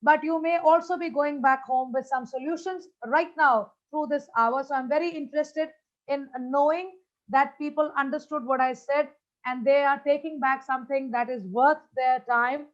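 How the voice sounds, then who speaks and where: High, energetic woman keynote speaker. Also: moderate pace. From India. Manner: energetic, chatty, addresses audience directly. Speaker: motivational speaker. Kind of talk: conference keynote over video call. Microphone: video call. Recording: slightly dull video-call audio.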